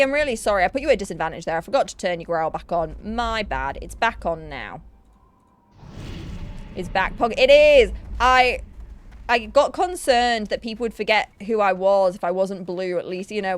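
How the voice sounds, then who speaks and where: A young woman chatting casually on a live gaming stream, bubbly and self-mocking. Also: mid-range voice.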